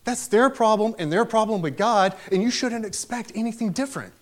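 A man's voice: high-pitched, a little fast. A man preaching a sermon, telling a personal story with emphatic delivery that rises to raised exclamations.

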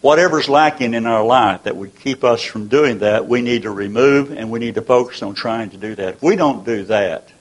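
A man's voice: medium pitch, moderate pace, few pauses, low-quality recording. An older man preaching a sermon in a folksy, earnest way, asking many rhetorical questions and often restarting his sentences.

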